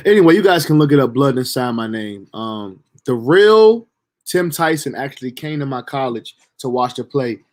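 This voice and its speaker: A young man telling a story from his own life in a casual, animated, profane way. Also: medium pitch, normal speed. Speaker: storyteller streamer.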